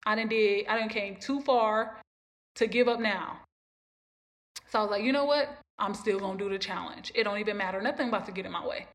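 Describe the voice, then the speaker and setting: A woman's voice: mid-range voice, a little fast. A woman hosting a podcast, talking about her own life in an emphatic, repetitive way and preaching encouragement to listeners. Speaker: podcast host. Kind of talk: personal motivational talk.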